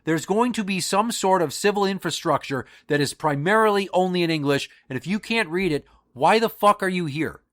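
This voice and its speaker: A man hosting a podcast, delivering an angry, profanity-laced monologue with emphatic outbursts. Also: fairly high pitch. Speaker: podcast host.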